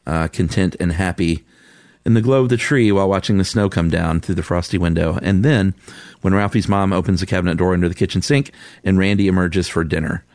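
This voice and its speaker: Deep-voiced man reading listener comments. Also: steady tone, a little fast, a little mellow, no echo. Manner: laid-back, chuckling, frank opinions. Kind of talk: casual chat.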